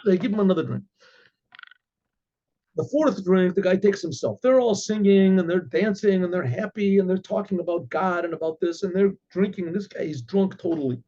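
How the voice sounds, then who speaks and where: A man, a rabbi, telling a story in an animated, halting way. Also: sits high. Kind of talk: oral storytelling. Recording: dull lo-fi recording.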